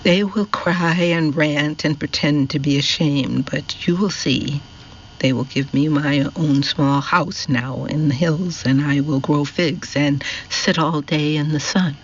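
A man reading the lines of a cold, scornful old woman in an audiobook, slow and hissing. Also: fairly high pitch, steady tone, dull audio.

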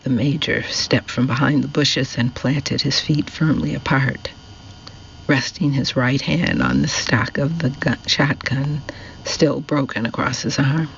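A man narrating a novel as an audiobook, in a slow, measured storytelling manner. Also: mid-range voice, steady tone, creaky, a bit bright, highs cut off, slight background noise.

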